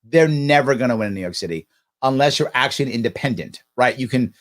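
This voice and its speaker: A man's voice: medium pitch, animated, quick pace. A man hosting a livestream, reacting sarcastically to a political speech and answering viewer comments. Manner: sarcastic, talks back at the clip. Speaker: livestream host.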